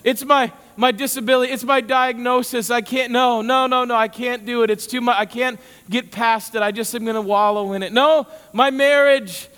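Casting: man acting out a high, whining, self-pitying guy who wallows, with long hall reverb. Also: steady tone, normal speed, few pauses, fairly bright tone, clean tone. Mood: whiny. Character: whiny self-pitying man, full of excuses.

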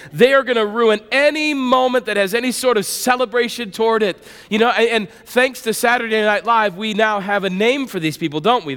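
A man preaching a sermon in a conversational, animated way, acting out the voices of biblical figures. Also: high-pitched, big-room sound. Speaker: pastor.

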